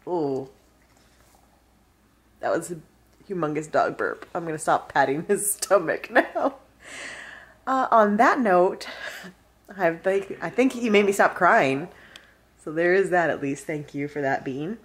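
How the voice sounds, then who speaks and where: A woman's voice: fairly low pitch, measured pace, long pauses, breathy edge. A woman in her thirties chatting casually at home for her weekly vlog, laughing often and talking to her dogs. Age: 30s. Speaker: vlogger. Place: at home indoors.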